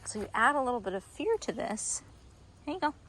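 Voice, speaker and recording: In a park with a noisy background, a young adult woman dog trainer speaks fairly quickly in a sing-song voice. She explains training steps to viewers for an instructional video, switching to high-pitched praise for the dog.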